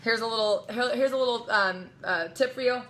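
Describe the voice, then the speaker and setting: A young woman coaching a live audience with a high, bright voice. She talks with emphatic energy and drops into playful acted-out quotes. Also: fairly quick, slight background noise. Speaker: network marketing coach. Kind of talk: live motivational talk.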